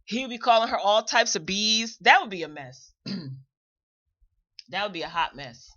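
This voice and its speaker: Woman host gossiping and cracking up, bright high voice, muffled lo-fi sound. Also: normal speed. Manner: laughing often, animated retelling. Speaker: morning show host. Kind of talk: casual chat.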